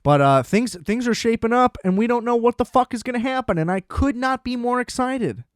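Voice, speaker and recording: A man hosting a solo podcast, rambling casually in an excitable, profane way. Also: very high voice, brisk, no echo, studio quality. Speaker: podcast host.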